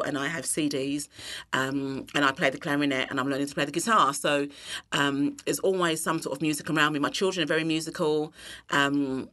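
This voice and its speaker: Low-voiced woman chatting brightly. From England. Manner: expressive, bursts of laughter, many fillers. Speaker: interview guest, cooking teacher. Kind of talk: casual chat.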